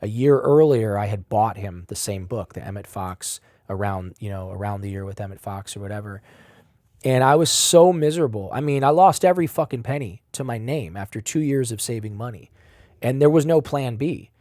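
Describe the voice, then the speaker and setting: A man's voice: fairly low pitch, normal speed, no room sound, studio quality. Blunt, swearing man telling his story. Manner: animated, swings between loud and quiet. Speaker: podcast guest. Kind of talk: emotional personal storytelling.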